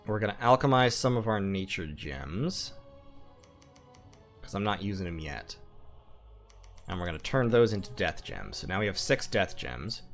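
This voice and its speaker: A man's voice: deep voice, big pitch swings, moderate pace, long pauses, fairly bright tone, faint music behind. A man recording gameplay commentary at home, methodically thinking aloud through his plans and numbers. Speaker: strategy game let's-player.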